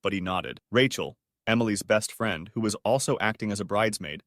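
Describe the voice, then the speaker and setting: A man's voice: fairly low pitch, a little fast, a bit bright, dry recording, studio quality. A man narrating a dramatic first-person story in a scripted, emotional read.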